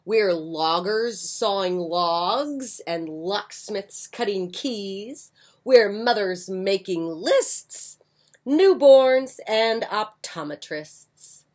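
Slow, expressive storytime woman. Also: medium pitch. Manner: expressive read-aloud, soft asides. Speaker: children's story reader. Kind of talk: reading a picture book aloud with chatty asides. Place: porch, outdoors.

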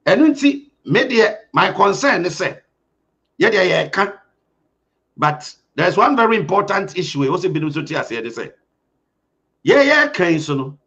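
A Ghanaian man hosts with urgent, emphatic commentary, his high voice leaping up and down. The recording sounds dull and lo-fi. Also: very animated, moderate pace, gravelly, long pauses, a bit bright. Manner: urgent and emphatic, mixing Twi and English. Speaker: host. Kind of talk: impassioned commentary.

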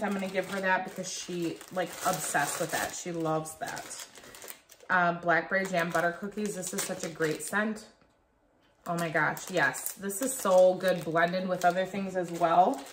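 A woman's voice: a bit bright, slight background noise. Gushing woman in an echoey room. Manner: gushing, enthusiastic, talks to viewers directly; slips into a high baby-talk voice for her dog. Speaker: wax haul vlogger. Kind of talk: casual product haul chat.

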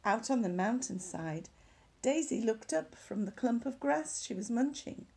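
A woman reading a children's story aloud at church, animated, dropping to hushed whispered asides. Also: a little high, measured pace, gravelly, husky.

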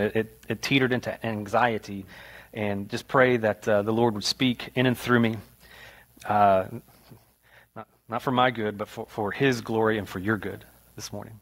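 A young adult man, a pastor, preaching in a church sanctuary and telling a childhood story with lively, rising retellings. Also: lowish voice. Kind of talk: sermon.

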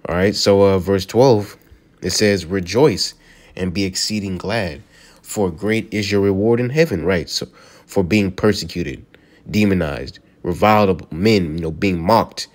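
A preacher with a voice that sits low teaches scripture in a relaxed, conversational style. He slows down to read verses aloud, then explains them, often ending lines with "man" and "you know."

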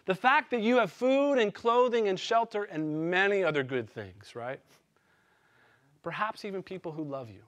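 A male pastor in his thirties with a slightly high voice delivers a conversational sermon. He tells stories about himself with candid, self-deprecating humor, then leans into the teaching and keeps asking the congregation whether they follow.

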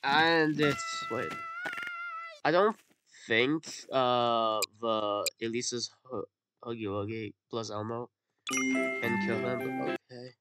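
A woman giving excitable gameplay commentary, swearing and yelling at the game. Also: very deep voice, takes it slowly, pauses often, loud music behind the voice. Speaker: gamer. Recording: loud background noise.

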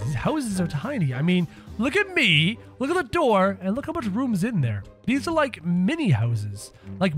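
A man giving let's-play commentary in a high, bouncy voice that leaps up and down in pitch. He cracks sarcastic jokes and exclaims at every obstacle. Faint game music plays in the background. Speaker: gaming video host.

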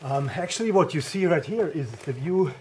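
A man with a somewhat high voice gives a casual walking tour of a house, chatting away with dry, wry humor. A faint hiss of background noise sits under his voice. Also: animated, moderate pace, darkish tone. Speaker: vlogger house sitting. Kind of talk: casual handheld vlog tour.

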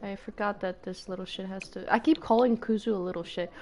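She's a young streamer in casual conversation with her viewers, excitable and quick to squeal, laugh and swear. She talks fast in a mid-range voice, with a little hiss or hum in the background.

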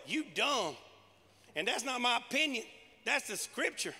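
A man's voice: extremely high pitch, sing-song, moderate pace, sharp tone, breathy edge, big-room sound. A male pastor preaching a sermon in a church, punchy and conversational, with casual everyday grammar. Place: large church sanctuary.

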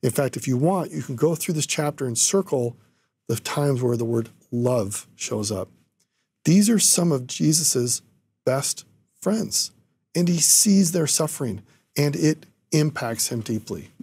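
A man co-hosting a scripture study explains a word's shades of meaning with care. His voice is dark and strongly raspy, captured close and dry with no room sound. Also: medium pitch, animated, a little slow, dry recording. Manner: explains word meanings carefully. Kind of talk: scripture lesson discussion.

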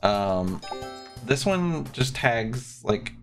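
A man's voice: mid-range voice, sing-song, very slow, a bit bright, faint music behind. A man streaming from his desk, chatting casually and bluntly while explaining a game's rules. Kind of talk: casual live-stream chat. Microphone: desk mic on a streaming setup.

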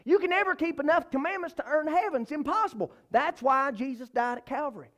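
A man delivers a church sermon in a fairly high voice. He preaches with emphasis, repeating key phrases and swinging between loud passages and soft, low ones. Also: fast talker. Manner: emphatic, repeats phrases, rises and falls in pitch and volume.

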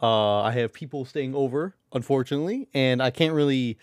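Speaking a little fast at medium pitch, this streamer chats from their own room, rambling and cursing often. They deliberately keep quiet to avoid being loud, and their desk mic has lowered sensitivity.

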